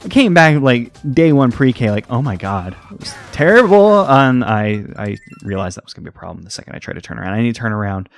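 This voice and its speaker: A man's voice: on the low side, fast talker, creaky, few pauses, faint music behind. A young American man giving casual, rambling commentary over a video game, full of fillers and side stories. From United States. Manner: rambling, tangent-prone, heavy on fillers. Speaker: let's play host.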